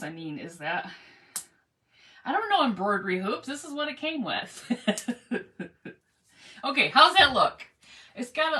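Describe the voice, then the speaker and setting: A woman's voice: medium pitch, sharp tone. A woman hosting a casual craft livestream, chatting rambly and greeting viewers by name as she works. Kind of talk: casual chat while crafting.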